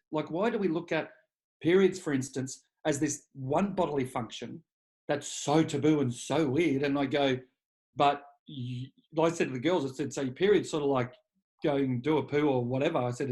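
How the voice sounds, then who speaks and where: A man's voice: a little high, normal speed. A man, a leadership coach speaking as an interview guest, telling candid personal stories in a blunt, profane way. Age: 40s. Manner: blunt and profane, animated when quoting himself. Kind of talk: candid conversational storytelling.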